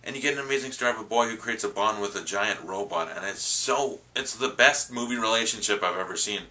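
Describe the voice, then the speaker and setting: A man's voice: lowish voice, quick pace, pushed and bright. A man reviewing his favorite movie in a casual vlog, gushing and rambling with enthusiasm.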